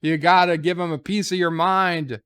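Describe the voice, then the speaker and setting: A man's voice: high voice, fairly even intonation, moderate pace, a bit bright, clear, resonant tone. A man casually recapping a TV episode as a reviewer, rambling with fillers and quoting lines.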